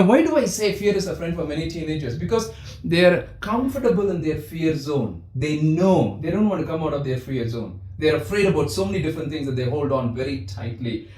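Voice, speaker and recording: A man delivers a parenting talk in an emphatic way, driving points home by saying them again. His voice sits a little high. The room adds a clear echo around him. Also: darkish tone. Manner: emphatic, repeats key phrases. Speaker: parenting speaker.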